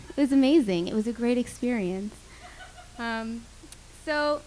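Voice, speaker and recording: A woman's voice: fairly high pitch, a little hiss or hum, low-quality recording. A woman and minister telling a personal travel story on stage, earnest and reflective. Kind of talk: live storytelling. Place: live venue stage.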